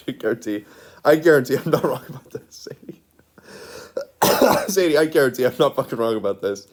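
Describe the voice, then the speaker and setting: A man giggles often as he delivers a casual, rambling monologue packed with the filler "like" and lots of restarts. His mid-range voice is expressive and a little fast, with a darkish tone.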